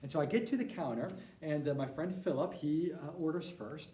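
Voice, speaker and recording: A young man teaching a church course by video, relaxed and with frequent fillers as he tells a personal story. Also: fairly high pitch, fairly quick. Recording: roomy sound from a distant mic.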